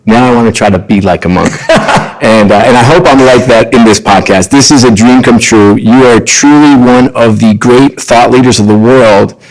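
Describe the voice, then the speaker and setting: A middle-aged man, a guest on a podcast, telling earnest, animated stories about his work and family. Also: medium pitch, moderate pace, rough recording. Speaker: podcast guest, sports executive. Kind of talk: conversational storytelling.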